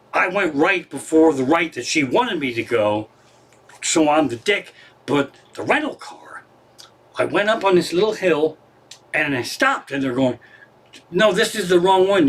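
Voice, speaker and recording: A man from Pennsylvania, a comedian hosting a livestream show from his living room, telling a casual, profane story, excitable and animated, swearing constantly. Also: fairly high pitch, husky.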